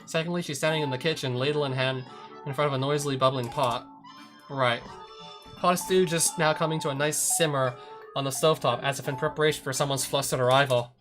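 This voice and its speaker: A man's voice: medium pitch, steady tone, fast. A man narrating a visual novel, reading the hero's tense inner monologue. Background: background music.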